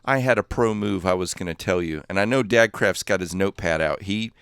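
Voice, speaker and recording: A man's voice: low voice, brisk, fairly bright tone, clean tone, no room sound, studio quality. A man chatting casually while livestreaming a game, rambling and easily distracted, often laughing at his own jokes. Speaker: gaming livestreamer.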